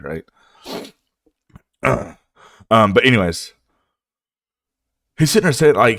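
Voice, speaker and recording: Profane ranting man, low voice. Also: dry recording, studio quality. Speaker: music reaction host. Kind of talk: casual reaction commentary.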